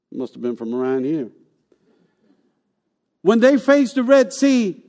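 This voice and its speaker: High-voiced animated male preacher. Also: a little slow. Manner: animated, rhetorical questions, repeats for emphasis. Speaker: pastor. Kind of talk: sermon.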